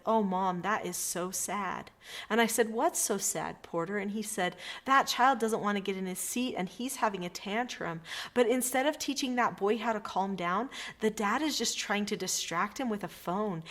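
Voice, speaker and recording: A middle-aged woman giving an earnest, emphatic parenting lesson straight to camera. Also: a little high. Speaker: parenting educator.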